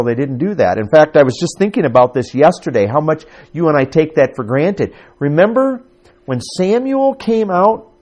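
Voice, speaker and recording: Animated man preaching a sermon. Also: a little high. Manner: conversational, animated, asks the congregation questions. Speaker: pastor.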